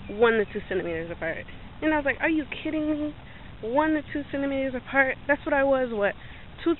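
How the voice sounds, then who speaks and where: A young woman telling a story in a casual vlog, animated, acting out what people said and laughing often, filmed on a handheld phone. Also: a little high. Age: young adult. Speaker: vlogger. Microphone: phone held in hand. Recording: tinny phone-like audio, faint noise.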